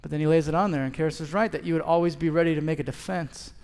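A man's voice: on the high side, fairly even intonation, rapid-fire, vocal fry, a little mellow. A man in his thirties preaching a sermon as a pastor, telling a story and acting out both sides of the conversation. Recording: long hall reverb.

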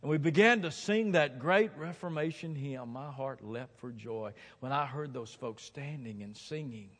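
A man preaching a sermon from a platform, swinging dramatically from hushed tones to shouting and hammering points home with emphatic repetition. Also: mid-range voice, normal speed, hardly any pauses. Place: large hall, speaking from a platform. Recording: long hall reverb.

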